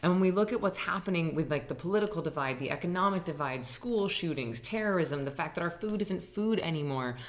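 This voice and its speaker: A woman with a low voice speaks as a guest on an interview podcast, explaining meditation. She tells stories with animated quoted voices, in a relaxed, chatty way. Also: brisk, hardly any pauses. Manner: animated storyteller who acts out quotes. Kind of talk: casual interview chat. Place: dining room.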